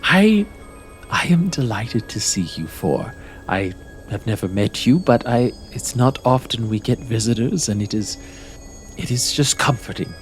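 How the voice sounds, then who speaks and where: A man voicing a gracious, serene female celestial who welcomes travelers with gentle formality. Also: medium pitch, animated, measured pace, soft background music, close to an everyday voice. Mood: welcoming.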